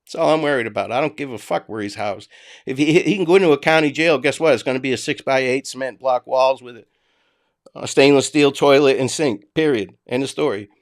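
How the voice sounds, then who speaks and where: A man with a Boston accent and a mid-range voice talks a little fast while hosting a casual livestream. He rants bluntly to his viewers, profanity included, and a home desk mic captures only his voice.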